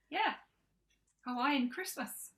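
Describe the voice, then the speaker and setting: A woman's voice: sits high, lively intonation, very slow, poor audio. A woman co-hosting a casual chat, laughing often and trailing off mid-sentence. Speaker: co-host.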